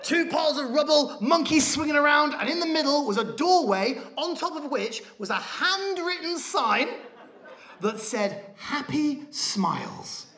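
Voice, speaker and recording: A man performing a stand-up comedy set on a theatre stage, telling a story with animated, shouted rants. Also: very high-pitched, moderate pace. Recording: live theatre, audience laughter. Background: audience laughing.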